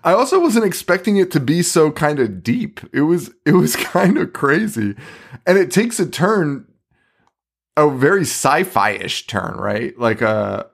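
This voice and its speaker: Horror podcast dude, chatty, laughs and curses a lot, keeps restarting. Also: male voice, fairly high pitch, sing-song, vocal fry. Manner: laughs often, swears freely, halting restarts. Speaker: podcast co-host. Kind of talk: casual chat.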